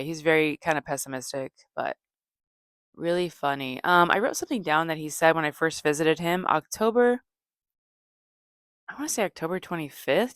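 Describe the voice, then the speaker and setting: A woman comedian hosting a podcast, telling stories in a deadpan, low-energy way, rambling with fillers and self-corrections. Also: no room sound, clean studio sound. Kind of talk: casual storytelling monologue.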